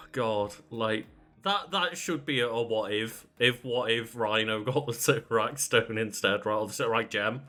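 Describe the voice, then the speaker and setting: Give me a male podcast co-host with a bright, forceful voice, chatting casually and wryly. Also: mid-range voice, a little slow. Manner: laughing, wry and chatty. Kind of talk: casual chat.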